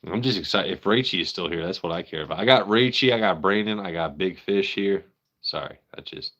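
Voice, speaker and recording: A man's voice: low-pitched, animated, fairly quick, pushed and bright, muffled recording. A man hosting a casual live stream, rambling, joking with his chat and swearing freely. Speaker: livestream host.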